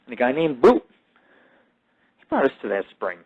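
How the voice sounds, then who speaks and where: A man's voice: mid-range voice, wildly swooping pitch, slightly rough, phone-quality sound. Rambling, foul-mouthed man hosting a show. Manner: profane, digressive, self-mythologizing; halting restarts and repeated fillers. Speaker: podcast host. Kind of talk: rambling casual monologue.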